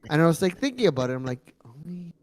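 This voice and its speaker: A man's voice: a little high, rapid-fire, smooth. A man co-hosting a podcast, chatting casually and swearing freely. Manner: animated, swearing, mimics voices in quotes. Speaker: podcast co-host. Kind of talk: casual chat.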